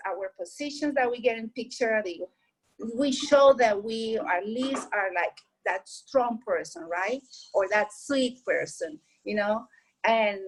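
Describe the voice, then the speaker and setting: A woman's voice: on the high side, rough recording. A woman whose first language is Spanish, giving heartfelt, earnest advice in a casual way and repeating her points to encourage the listener.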